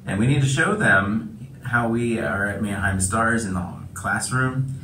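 A man's voice: lowish voice, measured pace, sharp tone, echoey room, slight background noise. A man reading school morning announcements in an upbeat way.

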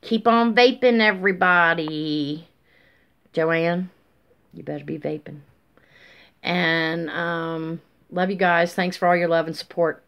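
Woman, slow unhurried pace, rambling chatty vlog, lots of ums, phone recording. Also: level tone. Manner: rambling, warm and folksy, many ums; high sing-song baby talk to her dog. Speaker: YouTube vlogger. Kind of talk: casual chatty shout-outs to viewers.

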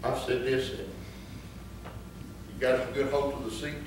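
Pastor guy with a high voice, jokey stories then loud preaching, booming church echo, faint background hum. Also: flat delivery, moderate pace. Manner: humorous storytelling that rises into emphatic preaching. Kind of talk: sermon. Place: church sanctuary. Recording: echoey church from far off.

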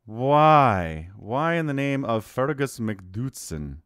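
A man doing video game commentary, animated and incredulous, laughing often and turning sarcastic. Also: high-pitched, normal speed, no room sound, clean studio sound. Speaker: game caster.

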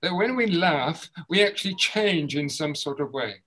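A man leading a group voice exercise session over a video call, encouraging and demonstrating sounds with loud bursts. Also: a little high, animated, moderate pace, low-quality recording. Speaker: voice and movement workshop leader.

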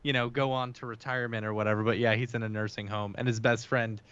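Bright-voiced man hosting a podcast. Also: medium pitch, clear, resonant tone. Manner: relaxed, quick backchannel reactions. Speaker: podcast host. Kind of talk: casual podcast chat. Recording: slightly dull lo-fi podcast audio.

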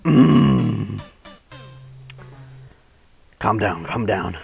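A man commentating gameplay with a friend, crude and trash-talking, swearing and yelling often. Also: lowish voice, lively intonation, drawn-out words, vocal fry, breathy edge, faint music behind. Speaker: gamer co-host.

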